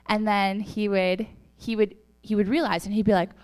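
A woman's voice: mid-range voice, flat delivery, moderate pace, darkish tone. A woman leading a youth group with a casual faith talk, chatty and full of "like" and "right?".

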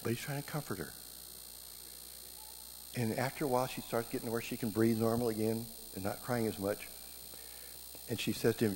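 A middle-aged man giving a sermon, telling stories with lively quoted voices. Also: mid-range voice, a little fast, long pauses. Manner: animated storytelling, voices quoted speakers. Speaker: preacher teaching marriage classes. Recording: long hall reverb, faint background noise.

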